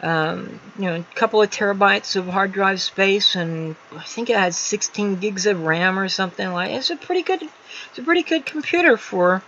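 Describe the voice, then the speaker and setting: A woman hosts a casual livestream from a room in her home, talking at a middling pitch. She rambles easily, padding her sentences with ums and restarts. The audio is a little dull and lo-fi, with a faint hiss underneath. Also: moderate pace, a bit bright. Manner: rambling, chatty, many fillers and restarts. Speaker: livestream host.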